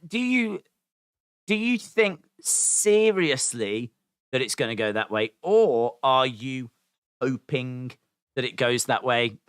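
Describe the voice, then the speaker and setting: Chatty podcast host, dry sound. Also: male voice, medium pitch, lively intonation, slow pace, fairly bright tone, clean tone, no echo. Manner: chatty, rambling, self-deprecating. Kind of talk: casual podcast chat.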